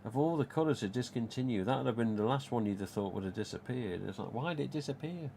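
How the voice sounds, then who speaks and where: A man's voice: mid-range voice, lively intonation, fast, vocal fry, warm tone, a little hiss or hum. A man, hosting a casual live stream about collectible masks and reading viewer comments aloud in a rambling, chatty way.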